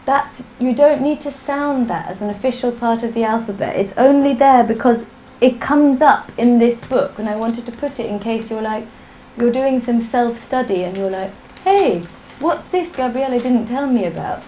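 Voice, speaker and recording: A woman's voice: a little high, normal speed, few pauses, dark tone, slight background noise, low-quality recording. A woman teaching a live online language class, drilling sounds patiently for students to repeat. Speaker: Sanskrit teacher.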